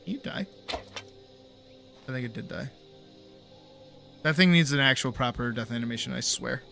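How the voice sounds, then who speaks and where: A man's voice: medium pitch, unhurried, vocal fry, sharp tone, soft background music. A young man streaming a game, telling a story in a rambling, laid-back way, swearing freely and saying "like" a lot. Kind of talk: casual storytelling while gaming.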